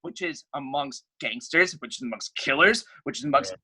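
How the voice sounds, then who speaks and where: A young man guesting on a podcast tells a story in casual talk, his fairly high voice at normal speed with vocal fry and a slightly rough edge. The audio is poor, and he gets animated, loudly acting out quoted voices.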